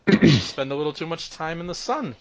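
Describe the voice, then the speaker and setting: A man's voice: a little high, expressive, brisk, crowd noise, voice pushed up, natural voice. Weary frontier lawman, fatherly drawl, put on by a man. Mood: wary. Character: weary middle-aged male frontier constable.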